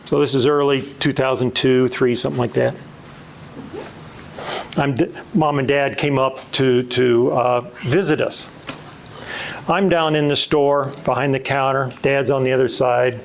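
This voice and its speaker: A middle-aged man, an author, telling a personal story at a book talk in a halting way, with many restarts and fillers. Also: medium pitch, fairly even intonation, vocal fry, slight background noise.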